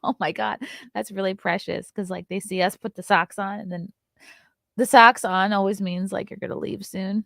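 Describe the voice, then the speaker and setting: Gravelly low-voiced woman hosting a chat show. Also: steady tone, moderate pace, pauses often, no room sound, clean studio sound. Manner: reads news items and breaks in with blunt, swearing asides. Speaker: podcast host. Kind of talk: casual morning show chat reading news aloud.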